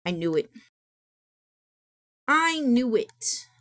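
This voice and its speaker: Excitable swearing woman streamer. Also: a little high, extremely slow. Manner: excitable, swears a lot, reads chat aloud. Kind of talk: casual live-stream chat.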